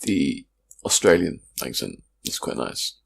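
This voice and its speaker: A British man chats casually on a gaming podcast. His voice sits very low with a gravelly texture. He delivers his opinions bluntly and dryly. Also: very animated, measured pace. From Britain. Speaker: podcast co-host. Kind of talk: casual chat.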